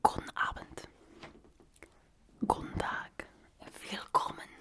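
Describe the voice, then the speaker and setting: A woman voicing a whispered ASMR role with a put-on German accent, in a clipped, formal manner. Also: pushed and bright.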